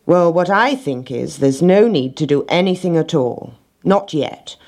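A woman voicing a slow, rather stupid male farm dog in a storybook, lazy and muttering. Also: deep voice, expressive, darkish tone, full character voice.

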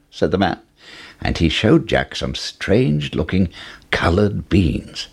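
Brief: male fairy-tale narrator, husky and gravelly, pitch sweeping wide. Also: wildly swooping pitch, normal speed, darkish tone. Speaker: storyteller.

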